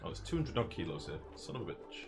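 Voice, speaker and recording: Deep-voiced man streaming a game. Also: big pitch swings, quick pace. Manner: chatty, profane, teasing, self-mocking. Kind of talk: casual live-stream commentary. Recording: music playing behind.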